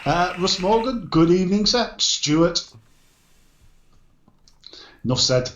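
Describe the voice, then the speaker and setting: A man's voice: high-pitched, lively intonation, slow, a bit bright, a little hiss or hum. A man hosting a casual livestream, jovially greeting viewers by name. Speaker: show host. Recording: echoey, dull online call audio.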